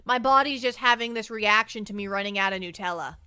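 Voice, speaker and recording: A woman's voice: medium pitch, a little fast, sharp tone, clean tone, no room sound. A woman streamer chatting casually and rambling, often repeating her words as she answers chat. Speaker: livestreamer.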